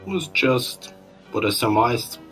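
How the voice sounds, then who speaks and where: A man's voice: mid-range voice, lively intonation, a little slow, a bit bright, faint music behind, rough recording. Pushy sarcastic man. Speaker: player. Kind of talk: in-character game talk.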